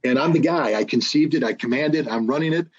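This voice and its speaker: A man's voice: medium pitch, fast talker, slightly rough, highs cut off. A man telling stories in casual conversation, emphatic, with frequent restarts. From United States. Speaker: guest, former weapons inspector.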